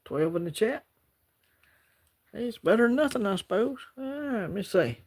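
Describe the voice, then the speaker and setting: A man's voice: high voice, lively intonation, moderate pace, a little mellow, husky. A man with an Alabama Southern accent hosting a casual livestream, chatting in a laid-back, rambling way and greeting viewers by name. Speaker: livestream host.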